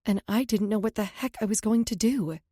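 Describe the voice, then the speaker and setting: A woman's voice: mid-range voice, a little fast, mellow, husky, no room sound. A woman narrating a first-person romance audiobook in an emotive, intimate storytelling manner, recorded on a close studio mic.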